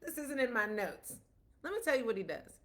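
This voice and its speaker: A woman's voice: on the high side, very animated, fairly quick, a bit bright. A woman, a parent, giving a casual explanatory talk about autism, telling stories with quoted dialogue in a conversational way.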